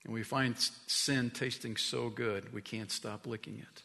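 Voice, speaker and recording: Bright-voiced pastor preaching in a hall. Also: male voice, mid-range voice, steady tone, measured pace, vocal fry. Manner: emphatic storytelling preacher, swinging from hushed to loud. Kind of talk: sermon. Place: church sanctuary. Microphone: stage mic.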